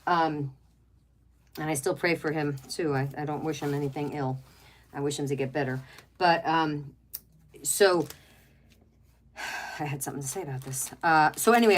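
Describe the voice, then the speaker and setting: A chatty middle-aged woman on a home craft livestream, her voice sitting a little low for a woman. She talks into a webcam in a loose, rambling way. She gushes over pets and reads out viewer comments as she works. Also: normal speed. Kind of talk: casual chat while crafting, reading viewer comments.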